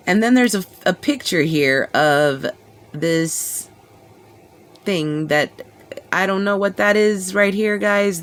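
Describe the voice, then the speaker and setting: A woman thinks out loud during a live reaction video. Her low-set voice swoops up and down a lot, and she throws in rhetorical questions and little giggles. She takes her time over every thought. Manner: musing aloud with rhetorical questions and soft giggles. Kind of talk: rambling live reaction commentary.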